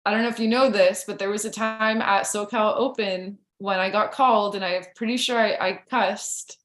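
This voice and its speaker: A woman guest on a podcast telling stories excitedly in casual chat, with a lot of "like" in her speech. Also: mid-range voice, moderate pace, reverberant. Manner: excited storytelling, heavy use of "like".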